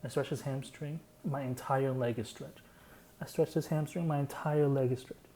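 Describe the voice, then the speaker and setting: A man's voice: medium pitch, steady tone, normal speed, dark tone, slight background noise, poor audio. A young man casually explaining his own song in a loose, rambling way, full of "like" fillers.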